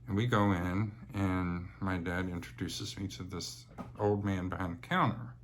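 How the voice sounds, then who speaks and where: A man's voice: deep voice, fairly even intonation, measured pace, slight background noise. A young man telling personal stories in a chatty, rambling way, with many fillers and laughs. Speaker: vlogger. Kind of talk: casual personal storytelling.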